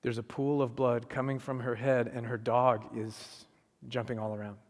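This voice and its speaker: A middle-aged man giving an animated storytelling sermon as a guest speaker, acting out the voices of the people in his story. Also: mid-range voice, moderate pace. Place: church sanctuary. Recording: long hall reverb.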